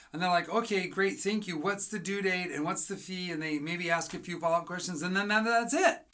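A writing coach with a bright, forceful, medium-pitched voice teaches in an energetic, motivational style. The coach keeps asking the listener rhetorical questions and stages little dialogues.

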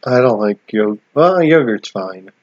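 A man co-hosting a podcast in casual chat, relaxed and teasing, often answering briefly. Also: lowish voice, moderate pace, highs cut off. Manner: relaxed, teasing, short agreements. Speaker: podcast co-host.

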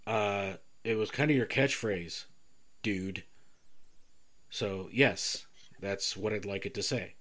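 This podcast co-host has a lowish voice and speaks slowly, with long pauses. Chatting casually, he tells a story in an animated way, voicing the people involved as he quotes them.

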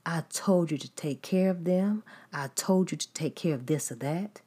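A woman's voice: deep voice, normal speed, dark tone, slightly rough. A woman preaching a sermon in an emphatic, repetitive style, building points through long lists.

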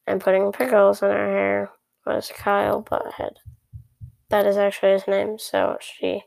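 Female storyteller, chatty first-person narration with sarcastic asides, gravelly edge on a mid-range voice. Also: mid-range voice, a little mellow, no echo.

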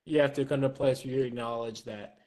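A man's voice: medium pitch, fairly even intonation, fast, a little mellow, poor audio. A man who is a guest on a podcast, speaking in an earnest, reflective way and repeating words as he thinks. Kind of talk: casual chat.

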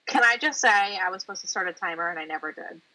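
A young woman chiming in with quick remarks in a casual chat, heard from off the main mic. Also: lowish voice, expressive, pushed and bright, rough recording. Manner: quick interjections. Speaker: friend joining in.

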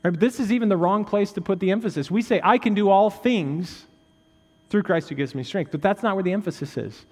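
This male pastor talks fast and husky, with hardly any pauses, as he preaches conversationally with jokes and "right?" asides. He shifts between raised, intense emphasis and quiet, low stresses, and a long reverb tail trails behind him.

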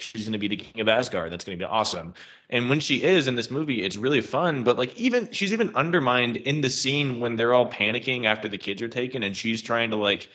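A man's voice: lowish voice, pushed and bright. A man co-hosting a podcast, chatting casually and ranting his opinions with frequent swearing. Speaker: podcast co-host.

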